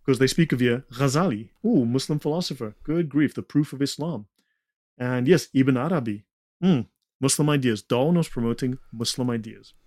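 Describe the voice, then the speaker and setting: In a clean studio recording with no room sound, a man speaks at a moderate pace in a mid-range, somewhat dark voice. He's presenting slides within a conversation, lecturing in a digressive way and slipping in sarcastic remarks.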